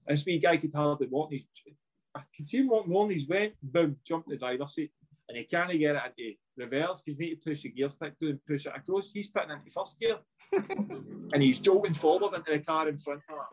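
A man in his thirties with a Scottish accent, a former footballer chatting as a podcast guest, telling stories in an animated way, swearing and acting out what people said. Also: on the high side, brisk, breathy edge. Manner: animated, laughing, swearing, acts out dialogue. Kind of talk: casual chat, storytelling.

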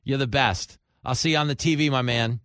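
A man's voice: mid-range voice, fairly even intonation, fairly quick, a bit bright, no echo. A man hosting a comedic radio show, joking and bantering with callers and guests, laughing often.

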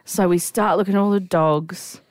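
Casting: an woman, lower voice, emotional storyteller, dry close sound. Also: fairly even intonation, normal speed, no room sound. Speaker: podcast co-host. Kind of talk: casual chat, storytelling.

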